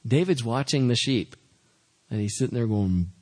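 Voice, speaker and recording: A man's voice: medium pitch, moderate pace. A man preaching a sermon, joking and acting out little scenes as he teaches. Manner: humorous, acts out little scenes in asides. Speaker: pastor.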